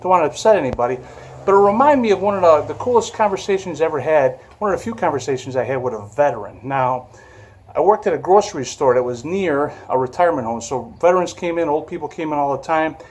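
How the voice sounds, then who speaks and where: A man's voice: fairly high pitch, animated, fast talker, darkish tone, slightly rough. A man, hosting a casual vlog and talking in a rambling, hesitant way with many fillers. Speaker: vlog host, vehicle restorer. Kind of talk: casual chat.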